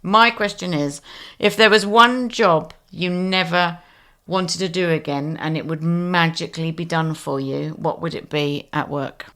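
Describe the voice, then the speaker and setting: A woman's voice: lowish voice, fairly even intonation, measured pace, few pauses, fairly bright tone. A woman co-hosting a podcast, telling work stories in casual chat and laughing often. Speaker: podcast co-host.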